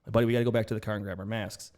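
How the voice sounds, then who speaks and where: A man co-hosting a casual podcast, telling an animated story and acting out both sides of each exchange. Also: fairly low pitch, racing. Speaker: podcast co-host. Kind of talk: casual chat.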